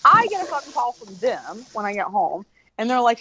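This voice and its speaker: A woman telling a long story in casual chat, animated and profane, acting out the voices of the people in it. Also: on the high side, brisk, breathy edge, highs cut off. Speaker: guest.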